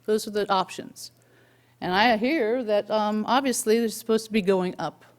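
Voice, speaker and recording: A woman who owns a local business speaks during public comment at a board meeting. She is emotional and halting, and she keeps restarting her sentences. Her voice sits at an ordinary middle pitch.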